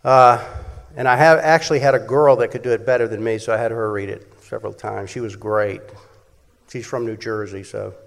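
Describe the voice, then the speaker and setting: A man preaching a sermon emphatically, swinging between loud passages and hushed ones. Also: on the low side, fairly even intonation, fairly quick, creaky. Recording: echoey hall.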